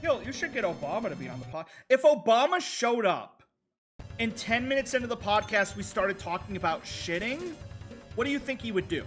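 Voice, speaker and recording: High-voiced man chatting through gameplay. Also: big pitch swings, brisk, fairly bright tone, soft background music. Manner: rambling, self-talking while playing, chatting with viewers. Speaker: streamer. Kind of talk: casual gameplay commentary.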